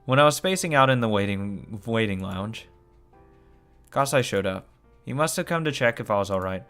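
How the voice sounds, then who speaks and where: Man reading a visual novel, lively pitch. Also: normal speed, clean tone, soft background music. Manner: swears and comments between lines. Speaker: let's play reader.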